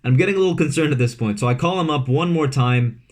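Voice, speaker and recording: A man's voice: fairly high pitch, fast talker. A young man from Vancouver, telling a casual storytime at home, full of fillers and asides. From Vancouver, Canada. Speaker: vlogger. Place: his room at home.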